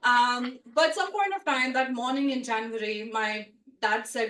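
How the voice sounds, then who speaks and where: A woman's voice: fairly high pitch, moderate pace. Chatty woman storyteller in a roomy hall. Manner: chatty and animated, full of "like" and "you know". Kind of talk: personal storytelling at a live story swap. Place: storytelling event room with a live audience. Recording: roomy sound from a distant mic.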